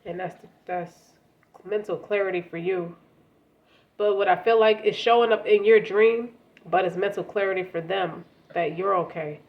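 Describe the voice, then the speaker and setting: A woman with a fairly low voice, stuffy and congested from a cold, gives a casual tarot reading. She speaks directly to the listener in a conversational way, often repeating words, and the audio sounds dull.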